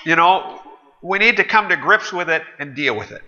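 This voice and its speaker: A man's voice: a little high, lively intonation, moderate pace, sharp tone. A man preaching a sermon in a conversational, wry and sardonic way. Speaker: pastor. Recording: dull echoey hall recording.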